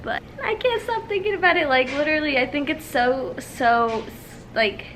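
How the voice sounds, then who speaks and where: Young woman, high bright voice, chatty and emotional, faint background noise. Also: sing-song, normal speed. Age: 20s. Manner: emotional, laughing, chatty storytelling. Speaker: vlogger. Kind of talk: casual chat.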